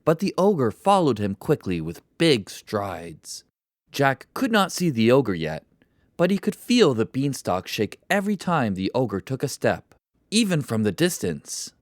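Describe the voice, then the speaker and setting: A narrator reading a children's story for English learners in a slow, deliberate and expressive way. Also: medium pitch, no room sound, studio quality.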